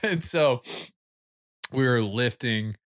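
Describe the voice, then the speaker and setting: A man's voice: mid-range voice, lively intonation, slow pace, a bit bright, dry recording, clean studio sound. A young man co-hosting a podcast, telling laid-back stories in casual chat. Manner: laid-back storyteller, chuckling. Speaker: podcast co-host.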